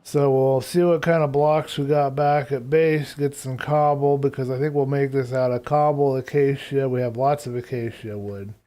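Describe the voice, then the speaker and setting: Mellow-voiced man thinking aloud. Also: mid-range voice, steady tone, normal speed, hardly any pauses. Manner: thinks aloud while planning; rambling, casual. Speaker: streamer. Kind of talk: live gameplay commentary.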